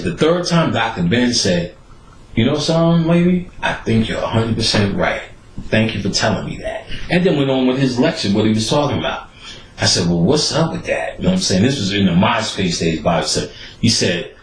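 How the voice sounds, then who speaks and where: Animated, profane man telling stories. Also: lowish voice, a little fast, reverberant, low-quality recording. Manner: profane, animated, acts out quoted voices. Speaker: podcast host. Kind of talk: casual storytelling monologue.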